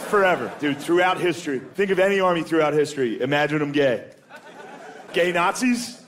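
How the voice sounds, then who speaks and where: A man doing a crude stand-up comedy set, saying "dude" a lot and jumping into high-pitched quoted voices. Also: a little fast. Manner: crude, loose delivery with frequent "dude" and sudden high-pitched acted quotes. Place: comedy venue with a laughing audience. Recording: live club recording with crowd noise. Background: audience laughter.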